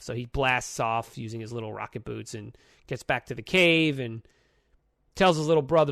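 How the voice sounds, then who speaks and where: A man of middle pitch talks through a story in a casual podcast, animated and profane, his voice jumping up and down. The sound is dry and close, with no room around it. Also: gravelly, dry recording. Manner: animated, profane retelling with quick pitch jumps. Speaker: podcast co-host.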